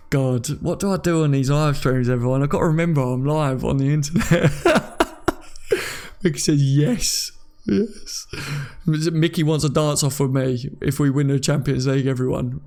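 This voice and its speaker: A young Englishman from near London hosts a live stream, casually chatting as he reads out viewer comments and often joking and laughing. His mid-range voice has a darkish tone, fairly even intonation and a moderate pace.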